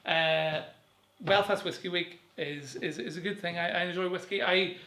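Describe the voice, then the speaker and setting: A young stand-up comedian performs a rambling, self-deprecating set to camera from home, packed with fillers and chuckling at his own jokes. His voice is high-pitched, bright and forceful, with a steady tone at a moderate pace, and the sound is roomy.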